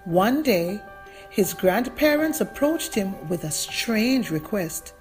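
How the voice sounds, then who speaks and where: A woman reading a moral story aloud for a school week of prayer in a church, with an expressive delivery. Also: mid-range voice, faint music behind. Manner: expressive, slow, lively reading.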